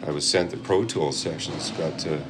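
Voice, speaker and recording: A man's voice: very deep voice, fairly even intonation, normal speed. A man in his fifties, a guest musician chatting casually in an interview, rambling and self-deprecating. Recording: noisy recording.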